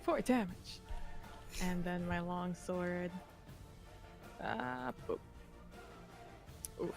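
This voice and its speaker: A woman's voice: on the low side, extremely slow, music in the background. A woman playing a tabletop game, describing her character's moves in a matter-of-fact way. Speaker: player.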